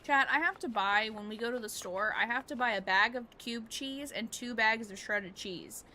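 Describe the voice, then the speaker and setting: A woman who is a parent, livestreaming a game, telling animated stories and acting out quotes while swearing freely. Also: fairly high pitch, normal speed, a little hiss or hum. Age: adult, parent of a young child. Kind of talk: casual chat on a gaming stream.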